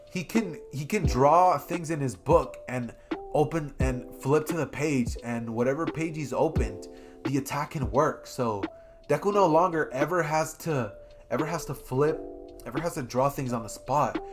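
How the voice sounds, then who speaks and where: A man's voice: a little high, lively intonation, normal speed. A man casually narrating an improvised fan story, rambling and correcting himself as he goes. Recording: guitar music playing behind.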